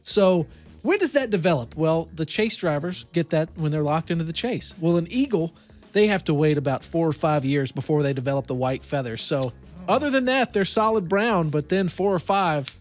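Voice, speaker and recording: A man's voice: fairly high pitch, expressive, moderate pace, faint music behind. A man co-hosting a casual sports podcast, jokey and mock-earnest. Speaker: podcast co-host. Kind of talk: casual chat.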